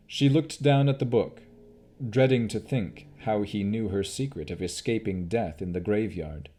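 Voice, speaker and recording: A man narrating an audiobook of a fantasy novel in a measured, deliberate reading. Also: on the low side, mellow.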